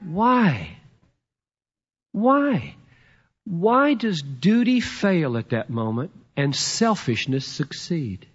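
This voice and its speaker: A man's voice: a little high, animated, slow, hardly any pauses, husky, muffled recording. Emphatic preacher in his fifties. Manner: emphatic, sudden swings from loud to hushed, playful. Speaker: pastor. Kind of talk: sermon.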